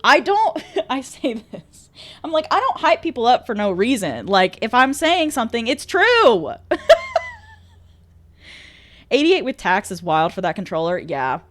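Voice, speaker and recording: A woman's voice: a little high, big pitch swings, a little slow, pauses often. A woman streamer chatting casually with viewers, bubbly, laughing often and swearing freely. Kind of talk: casual chat reading viewer messages.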